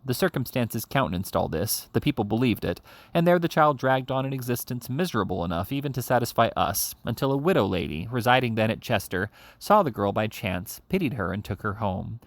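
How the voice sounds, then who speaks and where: A man's voice: mid-range voice, expressive, fairly quick, few pauses, no echo. A man reading a classic novel aloud as an audiobook reader, giving the characters' lines a livelier delivery than the narration.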